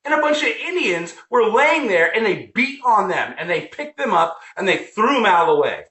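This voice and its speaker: A man's voice: high voice, very animated, moderate pace, sharp tone. A man ranting in a heated, profane way, repeating himself as he vents. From United States. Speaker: vlogger. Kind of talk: angry political rant. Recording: roomy echo.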